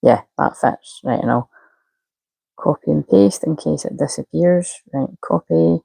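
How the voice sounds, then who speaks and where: A woman's voice: low-pitched, measured pace, gravelly, dark tone, breathy edge, dry recording, rough recording. A woman, a spiritual coach chatting casually on a live stream and muttering to herself while she fiddles with settings.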